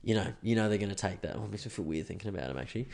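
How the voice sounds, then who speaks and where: A man's voice: fairly low pitch, expressive, racing, creaky, darkish tone. A young Australian man hosting a podcast alone, ranting casually and swearing. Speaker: podcast host. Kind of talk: solo podcast rant.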